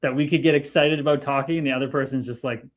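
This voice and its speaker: A man on a live-streamed chat, spinning anecdotes with animated, excitable energy. He swears freely and keeps his tone loose and conversational. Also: mid-range voice, fast. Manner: animated storyteller, profane, excitable. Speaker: guest.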